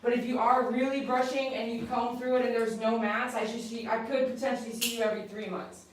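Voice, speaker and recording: A chatty woman groomer talks a client through her work and coaxes the dog between remarks. Her fairly high voice bounces around a very echoey salon room, picked up from a distance off the mic, with a faint noise underneath. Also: flat delivery, brisk. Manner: chatty, coaxing the dog and explaining as she works. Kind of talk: explaining a grooming to a client on camera.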